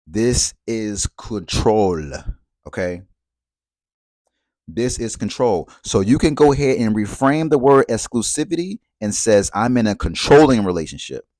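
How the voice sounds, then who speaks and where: A man's voice: lowish voice, expressive, a little slow, darkish tone, no room sound, clean studio sound. A man giving a reflective spoken monologue, talking conversationally, repeating phrases and asking rhetorical questions. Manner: conversational, asks rhetorical questions and checks in with "right?". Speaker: speaker on relationships and spirituality.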